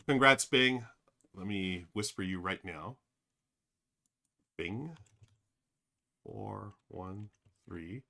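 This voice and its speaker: Bright-voiced man chatting on a live stream. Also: lowish voice. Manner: rambling, thinks aloud, many fillers; addresses chat directly. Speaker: streamer playing a board game. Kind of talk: casual live-stream commentary.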